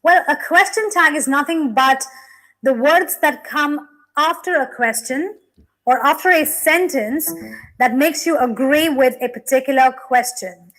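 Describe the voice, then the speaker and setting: A woman's voice: sits high, unhurried, fairly bright tone, poor audio. A young woman teacher explaining English grammar in a classroom lesson, with frequent "okay" and "you know" fillers.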